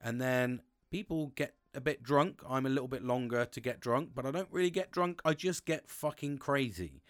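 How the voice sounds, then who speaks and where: Sweary animated man in his forties. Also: normal speed. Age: 40s. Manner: swears constantly, animated, pitch jumps with excitement. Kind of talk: candid monologue.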